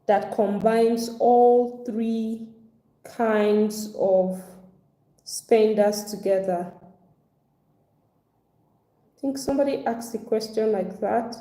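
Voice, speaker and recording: Warm-toned woman coaching in an echoey room. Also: mid-range voice. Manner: conversational, acts out other people's complaints. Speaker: personal finance coach. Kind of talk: live online class talk. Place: home at evening, video call.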